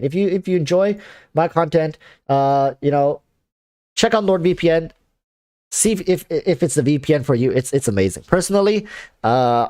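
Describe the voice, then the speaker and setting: A man's voice: fairly high pitch, a little mellow, no echo, clean studio sound. A man chatting casually on a livestream, rambling with lots of fillers and restarts, reading viewer comments. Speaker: streamer.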